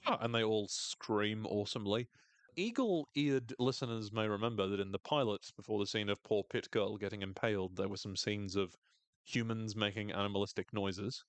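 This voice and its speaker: A man's voice: fairly low pitch, normal speed, no echo. Man recapping a show in a dry booth. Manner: enthusiastic, swears freely, acts out quoted lines in shifting voices. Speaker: podcast host recapping a TV episode. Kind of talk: casual recap chat.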